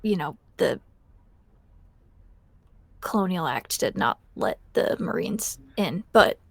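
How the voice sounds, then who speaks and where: A woman's voice: on the low side, lively intonation, slow, creaky, slightly rough, no room sound. Chatty woman player, dry sound. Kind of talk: casual tabletop play.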